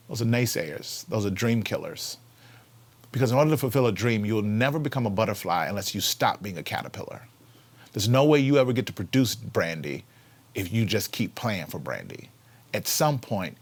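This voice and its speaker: A man hosting a casual inspirational talk. He repeats key phrases for emphasis and swings from loud, lively emphasis to hushed whispers. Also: mid-range voice, moderate pace. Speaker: host.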